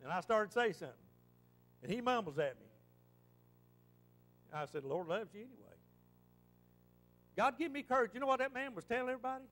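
Folksy Appalachian preacher, high voice. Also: male voice, a little fast, pauses often, fairly bright tone. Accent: Southern Appalachian. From western North Carolina. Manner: folksy storytelling with dialect. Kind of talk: sermon. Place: church.

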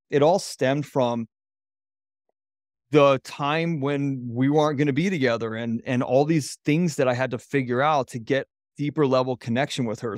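A man's voice: medium pitch, a little mellow, no echo. A man in the middle of his range tells a personal story as a podcast guest, candid and openly emotional. His talk wanders loosely, full of "like" fillers and restarts. The sound is dry and close, with no room around it. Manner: loose, rambling, with many "like" fillers. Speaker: podcast guest, men's coach.

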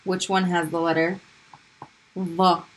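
A woman's voice: lowish voice, flat delivery, slow pace, rough recording. A woman teaching Arabic pronunciation in a recorded video lesson, patiently repeating each sound for drilling.

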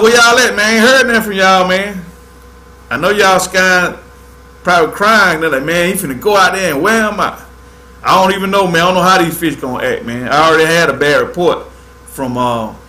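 A man's voice: high-pitched, bright, forceful tone. A man from Georgia, hosting a fishing livestream in laid-back casual chat, tacking "man" onto most lines. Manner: laid-back, drawling, says "man" constantly. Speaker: fishing show host.

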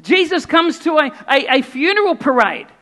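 A man preaching a sermon, telling Bible stories in a conversational, animated way with acted asides. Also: very high-pitched, normal speed. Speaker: pastor.

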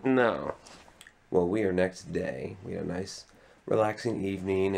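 A man filming a casual home vlog, chuckling and gently soothing his frightened dog. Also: low-pitched, measured pace, creaky, slight background noise. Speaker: vlogger. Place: home indoors.

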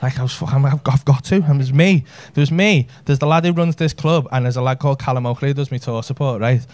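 A man's voice: mid-range voice, fast, a little mellow, dry recording. A man, telling a brash, sweary story in a stand-up set. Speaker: stand-up comedian. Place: comedy club stage with audience laughter.

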